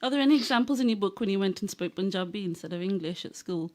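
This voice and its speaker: A woman hosting a community radio show, asking measured interview questions. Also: medium pitch, lively intonation, a little hiss or hum. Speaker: radio host. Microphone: radio studio microphone.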